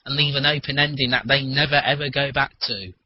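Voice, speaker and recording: A man talking in a rambling, animated casual chat, swearing freely, on a muffled lo-fi recording. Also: medium pitch, brisk, slightly rough, no echo.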